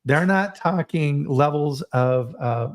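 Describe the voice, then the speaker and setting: A man hosting a casual live-stream talk, telling stories in an animated way, often restarting and repeating words. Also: on the high side, takes it slowly. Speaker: host.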